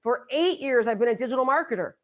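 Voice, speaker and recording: A woman's voice: a little high, expressive, fast. A middle-aged woman giving a motivational seminar talk as a business coach, emphatic and repeating her key lines for effect. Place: live event.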